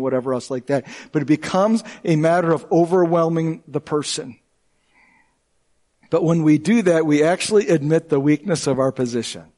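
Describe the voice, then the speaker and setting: A male pastor preaching a sermon in an earnest, emphatic way, slowing down and speeding up to stress his points. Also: on the high side, warm tone. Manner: earnest and emphatic, with shifting pace.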